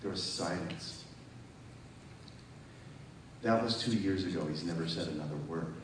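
A man's voice: sits low, measured pace, slight background noise. A man preaching a testimony sermon at a church service, emphatic and conversational, often asking the audience questions. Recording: very echoey hall, mic far off.

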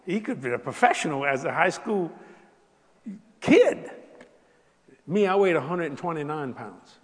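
Older Cajun preacher in a reverberant hall. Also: male voice, fairly high pitch, a little fast. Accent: Cajun Southern US. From South Louisiana. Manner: animated, laughing, Southern drawl, rising to exclamations. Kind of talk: folksy storytelling sermon.

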